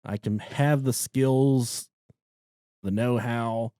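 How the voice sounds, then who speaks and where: A man co-hosting a podcast, in loud, profane, joking banter. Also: mid-range voice, fairly even intonation, drawn-out words, clean tone, dry recording, studio quality. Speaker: podcast co-host. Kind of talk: casual crude banter.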